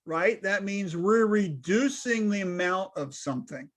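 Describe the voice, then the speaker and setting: A man's voice: high-pitched, animated, a little slow, fairly bright tone. A man speaking as a business consultant, giving casual advice and tagging points with rhetorical questions. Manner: emphatic, asks rhetorical questions and tags them with "right?".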